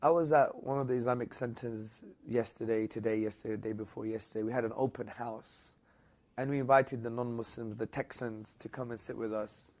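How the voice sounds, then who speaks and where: A British man, interviewed as a guest, tells a story with lively energy at a fairly quick clip. His mid-range voice jumps into loud, rising bursts whenever he quotes someone.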